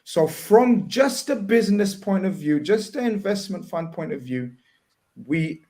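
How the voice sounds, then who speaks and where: A man hosts a casual fan chat, his voice sitting a bit higher than most men's. He talks in loose, halting bursts, restarting sentences and steering his guest with leading questions. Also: expressive, warm tone. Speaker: host.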